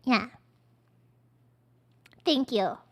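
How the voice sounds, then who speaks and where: A woman's voice: a little high, drawn-out words. A young woman streamer reacting on a livestream, with crude, profane, over-the-top ranting. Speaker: VTuber streamer.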